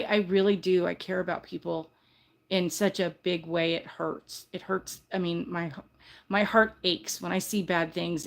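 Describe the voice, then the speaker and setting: A woman's voice: fairly low pitch, creaky. An older woman hosting a casual livestream, talking earnestly and heartfelt, often restarting her sentences. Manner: earnest, rambling, self-correcting, heartfelt. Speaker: livestream host.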